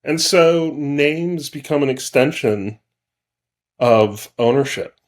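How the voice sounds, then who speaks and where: A man's voice: a little high, takes it slowly. A man from Wisconsin, a guest on a podcast, talking in a reflective, thoughtful way in casual chat.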